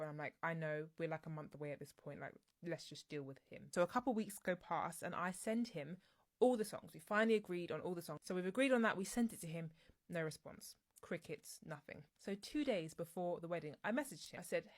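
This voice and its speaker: A young woman telling a personal story in a casual storytime vlog, animated and exasperated. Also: on the low side, quick pace.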